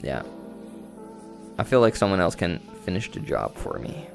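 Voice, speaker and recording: Deep-voiced and very animated, with vocal fry, a man talks at a moderate pace while streaming from home in VR. His chat with viewers is loose and rambling over faint music.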